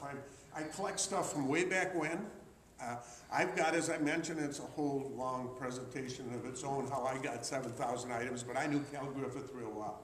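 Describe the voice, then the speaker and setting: A man's voice: mid-range voice, slight background noise. Older man spinning stories in a roomy hall. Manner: chatty, rambling storyteller with frequent restarts and uh's. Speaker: memorabilia collector giving a talk. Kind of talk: anecdotal storytelling talk to an audience.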